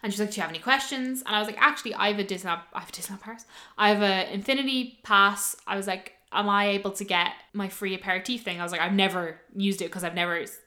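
A woman's voice: medium pitch, quick pace. A young woman, casually telling a story and acting out the voices of the people in it. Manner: animated, quoting others in lively voices.

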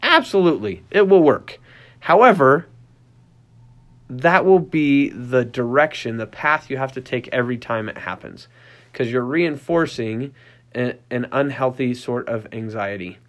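A man's voice: mid-range voice, lively intonation, a little slow, fairly bright tone. A man in his thirties hosting a podcast, explaining in a casual, conversational way with frequent restarts and small acted-out voices. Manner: conversational, many restarts, acts out puppy and child voices. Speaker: podcast host, dog trainer.

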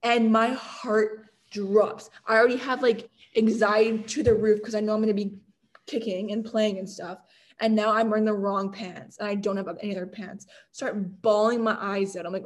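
A young woman from Canada telling stories in a casual interview, chatty and animated, full of "like" fillers and laughter. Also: mid-range voice, normal speed. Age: young adult. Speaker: guest, college football kicker.

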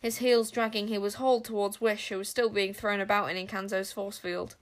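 A woman narrating a storybook with an expressive, dramatic delivery. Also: medium pitch, a little fast. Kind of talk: storybook reading.

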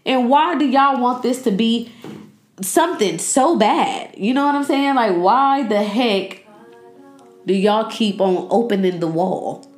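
A young woman hosting a podcast in a casual, joking chat style, loud and animated. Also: medium pitch. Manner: loud, joking and animated, talks back to the screen. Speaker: podcast host. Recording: echoey room.

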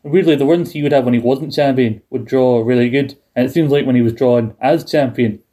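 British guy in his 30s, mellow low voice, rambles and restarts a lot. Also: brisk. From United Kingdom. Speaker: podcast co-host. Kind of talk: casual chat.

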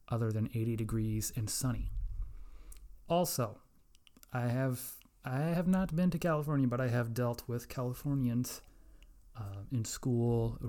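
A man's voice: mid-range voice, warm tone. A young man hosting a casual solo podcast, rambling, profane and self-mocking. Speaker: podcast host.

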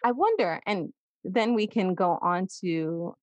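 A woman's voice: fairly low pitch, animated, unhurried, no room sound. A woman in her forties co-hosting a podcast, telling stories in casual conversation and acting out the voices she quotes. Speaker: podcast co-host.

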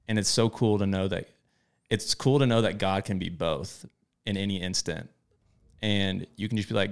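A man's voice: fairly low pitch, steady tone, normal speed, clear, resonant tone. A young married man co-hosting a faith podcast, talking in a casual, enthusiastic way. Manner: casual, enthusiastic, calls people bro. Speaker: podcast co-host. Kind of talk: candid faith podcast chat.

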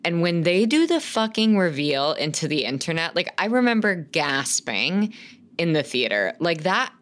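A woman's voice: on the low side, sing-song, moderate pace. A woman in her thirties co-hosting a podcast, rambling and gushing in casual chat and swearing freely. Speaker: podcast co-host.

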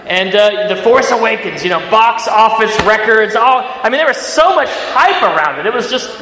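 Late-30s male preacher, Ohio country accent, high and bright, echoing in a big hall. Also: moderate pace, slight background noise. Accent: Ohio country American. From Ohio, US Midwest. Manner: energetic, repeats words, frequent fillers. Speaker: pastor. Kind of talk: sermon. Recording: echoey hall, dull sound.

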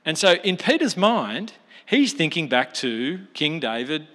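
A man giving a chatty, animated sermon, acting out the people in the story. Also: fairly high pitch, unhurried. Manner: animated, acts out quotes with slang like mate. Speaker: preacher. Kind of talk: conversational sermon. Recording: long hall reverb.

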